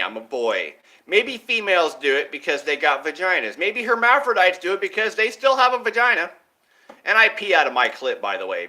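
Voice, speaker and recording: A man talking straight to his viewers in a rambling, profane monologue, jumping between ideas and swinging widely in pitch and loudness. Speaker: vlogger.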